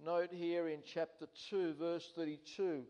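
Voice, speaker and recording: A man's voice: fairly high pitch, level tone, a little slow, mellow, clean tone. A man preaching a sermon, earnest and emphatic, repeating key words for stress.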